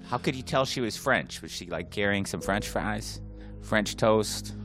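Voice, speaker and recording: A man co-hosting a comedy podcast, teasing and joking in quick interjections. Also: on the low side, expressive, over music. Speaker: podcast co-host. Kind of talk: comedic banter.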